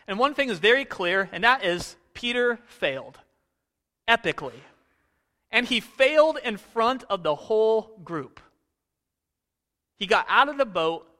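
Bright-voiced man preaching in a hall. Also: high-pitched. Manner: conversational, questioning, acts out voices. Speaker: pastor. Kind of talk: sermon with scripture reading.

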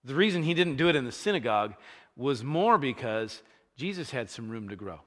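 A man delivers a sermon in a bright, forward voice. His pitch moves a lot as he retells the scene with growing energy. A long hall reverb trails every line. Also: a little fast. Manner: animated storytelling, acting out scenes with rising energy. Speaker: pastor.

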